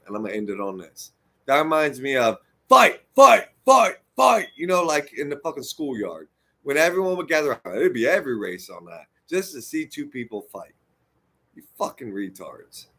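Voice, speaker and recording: A man in the middle of an impassioned rant, his voice sitting at an ordinary pitch. He swears constantly, jumping from loud outbursts to low mutters as he lectures his viewers. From United States. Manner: profane, heated ranting that swings between loud outbursts and muttered asides. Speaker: vlogger. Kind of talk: impassioned monologue to camera.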